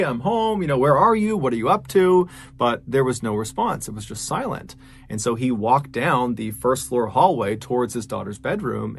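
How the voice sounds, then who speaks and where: A man telling a true-crime story in a casual, conversational way, with frequent filler phrases. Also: mid-range voice. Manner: casual, conversational, many "you know" fillers. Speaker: host and storyteller.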